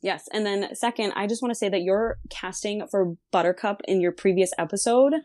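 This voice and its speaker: A woman's voice: mid-range voice, a little fast, a little mellow, no room sound, studio quality. Bubbly laughing woman podcast co-host. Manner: bubbly, laughs often, teasing. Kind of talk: casual podcast chat.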